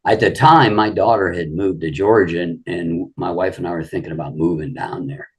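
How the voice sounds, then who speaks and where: A man's voice: low-pitched, normal speed, slightly rough. An older man, a guest, telling rambling anecdotes in a casual interview and saying "you know" often.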